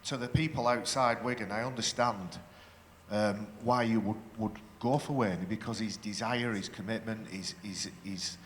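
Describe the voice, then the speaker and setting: A man's voice: fairly low pitch, steady tone, normal speed. A man speaking as a panel guest in a live stage conversation, boastful and joking in his banter. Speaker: panel guest, former rugby league player. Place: festival stage in a hall. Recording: long hall reverb with faint noise.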